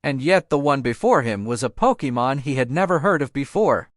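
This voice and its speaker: A man reading a fan fiction audiobook aloud in a steady storybook manner. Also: mid-range voice, a little fast, hardly any pauses, dry recording, studio quality. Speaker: audiobook narrator.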